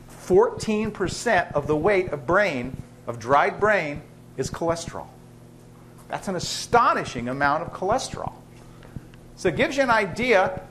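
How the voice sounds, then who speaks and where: Lively, joking male professor. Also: fairly high pitch, a little hiss or hum. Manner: joking, chatty teacher. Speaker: biochemistry professor. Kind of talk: university lecture. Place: lecture hall.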